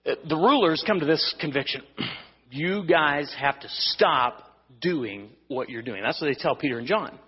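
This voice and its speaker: A man's voice: on the high side, lively intonation, normal speed, slightly rough, in a large hall, muffled recording. A man preaching an evening sermon in an easygoing, conversational way, with restarts and some humor. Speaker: pastor.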